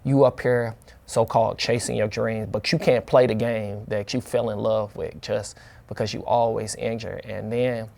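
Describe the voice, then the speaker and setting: A young man from the St. Louis area, talking casually as an interview guest in a relaxed, colloquial way with many fillers and restarts. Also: lowish voice, moderate pace, vocal fry. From St. Louis area, USA. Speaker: interview guest, football player.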